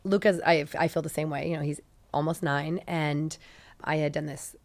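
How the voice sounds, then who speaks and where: A middle-aged woman hosts a relaxed interview and tells her stories in an animated, chatty way. Her voice sits fairly low and has a gravelly fry. The sound is close and dry. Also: normal speed, no echo. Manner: warm, chatty, animated storytelling. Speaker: podcast host. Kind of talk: casual interview chat.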